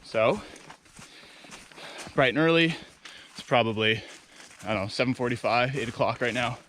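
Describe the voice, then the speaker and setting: A man talking casually to the camera while walking a portage trail and carrying gear, often pausing with filler sounds and restarting his phrases. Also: medium pitch, a bit bright, a little hiss or hum. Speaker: canoe trip vlogger. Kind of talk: casual on-the-go video diary. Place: outdoors on wilderness portage trails.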